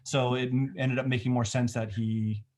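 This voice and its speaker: A man's voice: medium pitch, little pitch movement, moderate pace, darkish tone. A middle-aged man, a film director, talking in a casual remote interview, thoughtful and rambling with many restarts.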